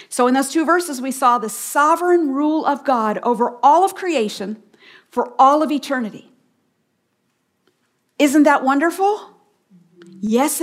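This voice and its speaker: This slightly high-voiced woman is giving Bible teaching over the radio, earnest and emphatic, coming back to her key phrases again and again. Now and then her voice sinks to a gentle hush for emphasis.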